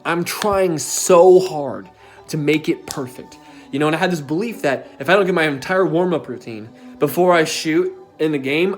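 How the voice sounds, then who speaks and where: A young man telling a personal story in a casual, emphatic way, as a self-development coach. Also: on the high side. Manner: casual and emphatic, with frequent filler tags and swearing.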